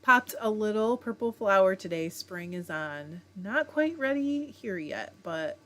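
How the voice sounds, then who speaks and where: A woman's voice: medium pitch, animated, a little slow, a bit bright. A middle-aged woman hosting a casual livestream from home, reading viewer comments aloud and greeting people by name in a chatty way. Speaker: livestream host reading chat. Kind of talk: casual chat.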